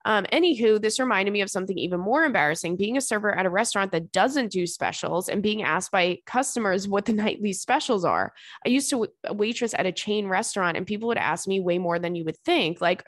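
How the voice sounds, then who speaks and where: Young female podcast host, chatty and animated, dry close sound, mid-pitched. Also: brisk, dry recording. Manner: animated, acts out quotes with big jumps in pitch. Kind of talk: casual chatty storytelling and reading listener letters.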